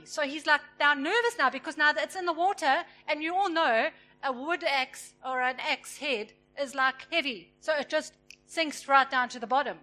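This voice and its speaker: A woman preaching a sermon, retelling a story and acting out its characters with lively emphasis. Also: sits high. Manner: animated, acts out the characters with emphasis.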